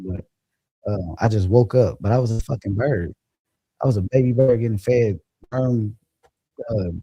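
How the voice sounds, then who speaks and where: A man's voice: fairly low pitch, mellow, breathy edge, no room sound, muffled recording. A man hosting a casual livestream, chatting loosely and profanely and laughing as he reads viewer comments. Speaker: livestream host. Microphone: phone or computer mic.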